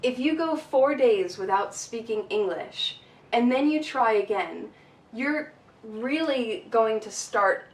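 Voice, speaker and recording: A woman teaching an English speaking lesson, with a clear, emphatic delivery. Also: on the high side, animated, takes it slowly, echoey room, distant mic, poor audio.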